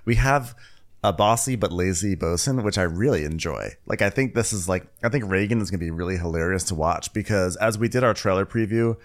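Man, podcast host, lowish voice, playful, casual chat. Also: brisk. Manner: playful, laughs often, animated.

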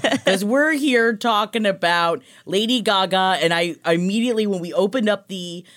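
Animated, emotional woman chatting. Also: mid-range voice, moderate pace. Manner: emotional, animated, laughs often. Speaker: podcast co-host. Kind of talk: casual gossip chat. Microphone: remote call mic.

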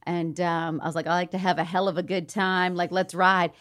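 A middle-aged woman from Atlanta with a Southern accent, telling stories as a guest in a casual interview, animated and laughing as she acts out quotes. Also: on the low side, a little fast.

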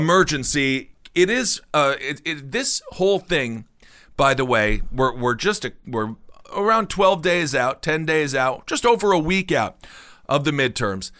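A man's voice: medium pitch, pushed and bright. A man in his thirties co-hosting a podcast, chatting casually about politics with sarcastic jokes. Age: 30s. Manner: joking, sarcastic asides. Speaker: podcast co-host.

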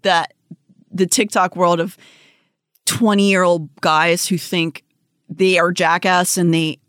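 Young woman host with a lowish, close, dry-miked voice. She talks bluntly in relaxed podcast chat, swearing freely and laughing as she goes. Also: slow pace, no echo.

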